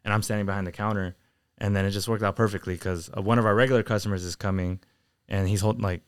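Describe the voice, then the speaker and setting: A young man co-hosting a podcast, telling stories in a casual, animated way with lots of swearing. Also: fairly low pitch, fast, smooth, dry recording, clean studio sound. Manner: animated, heavy swearing, storytelling. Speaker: podcast co-host. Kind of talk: casual chat.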